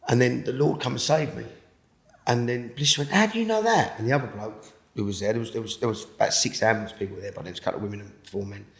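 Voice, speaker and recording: A man with a British accent giving an emotional personal testimony in an interview, halting and repeating words, sinking to a hush at the most intense moments. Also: on the low side, fairly even intonation, gravelly, echoey room. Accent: British English. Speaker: interviewee telling his testimony.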